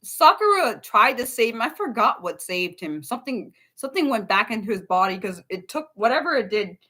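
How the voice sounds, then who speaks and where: Animated swearing woman streamer. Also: brisk. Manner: animated, swears freely, rambles with restarts; jumps high in pitch for quoted outbursts. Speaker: livestream host. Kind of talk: casual unscripted livestream chat.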